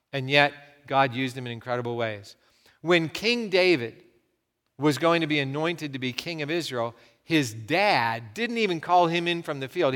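A man preaching a sermon, telling stories with animated swings from loud to hushed. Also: on the high side, big-room sound. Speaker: pastor.

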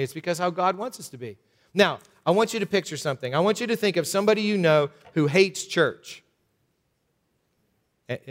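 A man with a Western Pennsylvania accent and a slightly higher voice preaches in a church sanctuary. He talks to the congregation conversationally and keeps asking them rhetorical questions. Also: a bit bright. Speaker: pastor. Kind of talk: sermon.

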